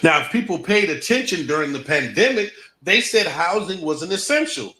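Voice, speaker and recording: Male host, bright higher-pitched voice, emphatic, repeats points for viewers. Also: sing-song, moderate pace. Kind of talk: casual live-stream talk.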